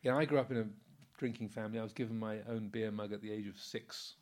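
Give me a man in his sixties giving a relaxed, anecdotal Dharma talk, full of fillers and chuckles. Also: lowish voice, fast. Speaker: Buddhist monk teacher. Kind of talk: informal Dharma talk answering a comment.

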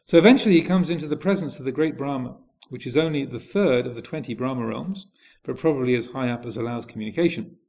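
Gravelly monk guy doing a dharma talk, lots of uhs and restarts. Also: medium pitch, quick pace, a little mellow. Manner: hesitant, many fillers and restarts. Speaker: Buddhist monk teacher.

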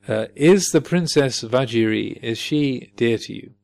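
A man doing a calm, patient, gravelly Buddha. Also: mid-range voice, no room sound. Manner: patient, slow, questioning. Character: wise, calm male Buddha teacher.

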